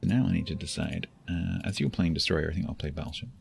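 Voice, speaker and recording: A man's voice: low voice, fast talker, vocal fry, a little mellow, a little hiss or hum. A man, coaching a newer player during a casual game stream and explaining step by step. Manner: explains patiently, restarts and searches for words. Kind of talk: casual gaming stream chat.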